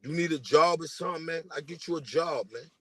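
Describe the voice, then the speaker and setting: A man's voice: a little high, quick pace, bright, forceful tone, slightly rough, dry recording. A man from New delivering a casual, profane diss rant at a rival, taunting and repeating himself.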